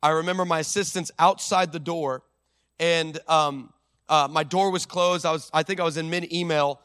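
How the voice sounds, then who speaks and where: A man preaching as pastor at a church service, swinging from loud declarations to hushed storytelling and acting out voices in his stories. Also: fairly high pitch, steady tone, normal speed. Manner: acts out quoted voices in story. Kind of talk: sermon.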